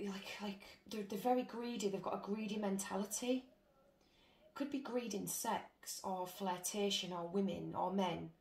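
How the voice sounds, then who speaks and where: A woman's voice: mid-range voice, darkish tone. A British woman doing a casual tarot reading, blunt, chatty and full of swearing. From Britain. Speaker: tarot reader. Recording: roomy with faint noise.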